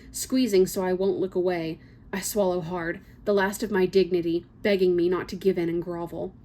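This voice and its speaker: A woman's voice: on the low side, a little mellow, a little hiss or hum. A woman reading a first-person novel excerpt aloud, with small slips and casual asides. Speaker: book reader.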